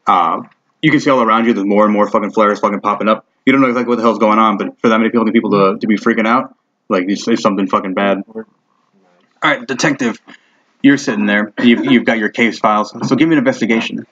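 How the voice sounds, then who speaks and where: A man's voice: lowish voice, steady tone, fast, fairly bright tone. A man narrating a tabletop game as game master, casual and swearing heavily, in a dull lo-fi recording.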